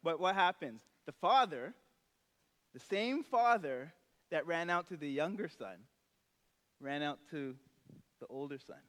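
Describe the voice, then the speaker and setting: A male pastor delivering a relaxed, conversational sermon in a church sanctuary. His voice sits high, and the reverb of the large hall rings long after each phrase. He slips into short character voices while retelling a story. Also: measured pace, pauses often.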